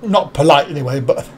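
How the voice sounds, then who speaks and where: A man's voice: fairly high pitch, a little hiss or hum. A man hosting a casual live stream, rambling, chuckling often and answering viewers' comments one by one.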